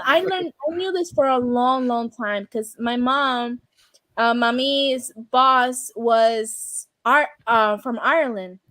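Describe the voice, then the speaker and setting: A woman's voice: fairly high pitch, a bit bright, no room sound. A woman hosting a casual chat stream who babbles on and swears freely. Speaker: streamer host.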